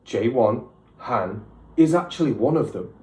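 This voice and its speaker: A young British man doing a casual, excitable music reaction, chatty and slangy, with the odd swear. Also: mid-range voice, unhurried, echoey room. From United Kingdom.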